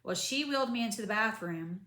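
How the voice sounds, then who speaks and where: A woman's voice: mid-range voice, fairly quick, reverberant. A woman, chatting casually to camera about her recovery after surgery, rambling with lots of asides. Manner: chatty, rambling, animated retelling with many asides. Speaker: vlogger.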